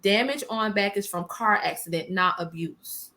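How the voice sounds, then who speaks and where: A woman in her forties, a small business owner, telling a personal story in a casual interview, animated and emotional, quoting herself and laughing between hard memories. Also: medium pitch, normal speed. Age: 40s.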